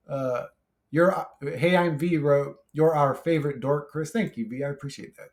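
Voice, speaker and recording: Reading and answering viewer comments in a casual monologue, this man speaks at normal speed with a voice on the high side. He's brash and profane, rambling with many restarts and laughing often.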